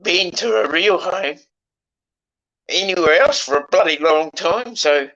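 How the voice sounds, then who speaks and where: A man in his sixties in casual conversation, emotional and halting, swearing often as he talks. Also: high voice, lively intonation, sharp tone, lo-fi sound. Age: 60s.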